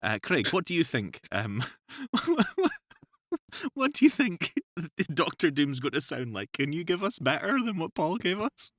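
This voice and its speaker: A man, a voice actor, co-hosting a casual podcast chat in an animated, ranting, jokey way. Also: on the high side, unhurried, dry recording, studio quality. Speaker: co-host and voice actor.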